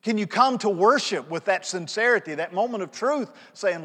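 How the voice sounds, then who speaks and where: A middle-aged man preaching a sermon, telling stories in a conversational way and swinging between soft asides and loud emphatic pleas. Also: high-pitched, lively intonation, normal speed, few pauses. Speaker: pastor. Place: church sanctuary. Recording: long reverb of a church sanctuary.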